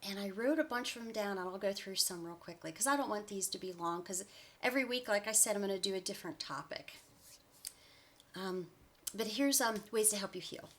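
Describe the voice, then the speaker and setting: A woman's voice: on the high side, a bit bright. A woman in her forties, a life coach giving upbeat, encouraging advice in a chatty vlog with frequent laughs. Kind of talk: motivational vlog talk.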